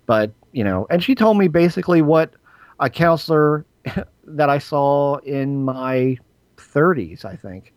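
A man, a podcast guest who is losing his voice, telling a personal story in a halting, rambling way. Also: mid-range voice, dry recording. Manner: rambling, halting with frequent ums and restarts. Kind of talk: casual storytelling interview.

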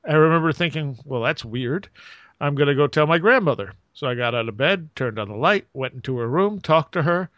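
Man, podcast host, slightly higher voice. Reads aloud evenly on a dry, close mic. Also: animated, a little fast, fairly bright tone, no echo. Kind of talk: casual discussion and reading aloud.

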